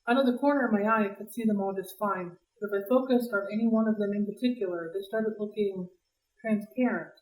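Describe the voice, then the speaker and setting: A woman reading a novel aloud for a library read-along, in a lively, expressive way. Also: medium pitch, fairly quick. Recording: roomy, distant mic.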